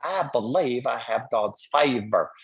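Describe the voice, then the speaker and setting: A man doing an impression of a famous upbeat Southern preacher, with a put-on Southern accent and a soft, effeminate twang. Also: mid-range voice, expressive, measured pace, low-quality recording. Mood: beaming. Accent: American Southern, put on.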